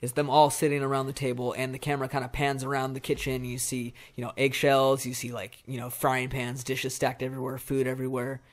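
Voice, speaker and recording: Animated young man retelling a movie. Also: mid-range voice, a little fast, hardly any pauses. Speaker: podcast co-host. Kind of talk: casual chat.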